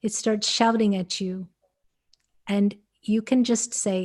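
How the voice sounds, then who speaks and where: American-born woman channeling, super slow and calm, talks as "we", webinar call. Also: medium pitch. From United States. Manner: calm, measured, speaks as "we". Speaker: spiritual channeler. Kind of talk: channeled spiritual guidance.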